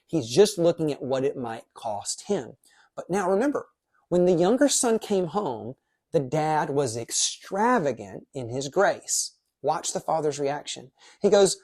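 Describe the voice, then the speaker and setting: A pastor giving a casual devotional teaching in a lively, conversational way, dropping quick asides. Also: mid-range voice, husky.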